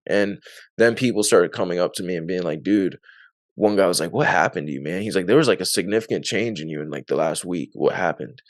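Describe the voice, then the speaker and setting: A man's voice: low voice, brisk, no room sound, studio quality. A man being interviewed, telling his story in a loose, rambling way with lots of fillers and frequent laughs. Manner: laughs often. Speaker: interview guest. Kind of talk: casual testimony.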